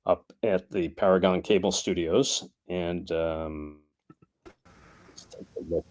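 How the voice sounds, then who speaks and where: Brief: low-voiced male stream host; casual and hesitant, lots of ums while reading chat. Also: steady tone, slow pace, a little mellow. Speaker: live stream host presenting archival clips.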